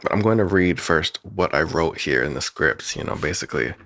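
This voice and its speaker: A man with an extremely low, gravelly, slightly bright voice talks briskly and with animation, recorded with no echo. He animates and makes music, and here he casually rambles through how he built a cartoon's sound, chuckling often and restarting sentences as he breaks down the production.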